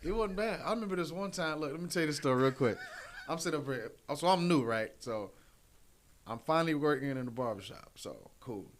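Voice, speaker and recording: Male comedian guest, casual animated storyteller, does the voices of people in his stories. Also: fairly high pitch, fairly quick. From Detroit. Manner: animated, acts out quotes in raised voice.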